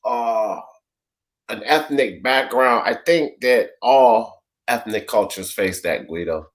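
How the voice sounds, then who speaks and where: A man's voice: medium pitch, slow pace. A man hosting a casual sports talk panel, rambling through a summary and calling on his panelists by name. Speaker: host of a sports talk show.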